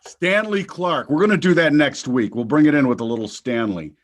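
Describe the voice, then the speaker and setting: A man's voice: a little high, brisk, slight background noise. A man hosting a casual talk show, joking loosely and wandering through topics with fillers and restarts. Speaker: podcast host.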